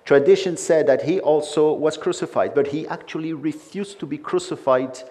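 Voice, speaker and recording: A man's voice: on the high side, normal speed, dark tone. A man preaching a sermon with emphatic delivery and frequent conversational asides.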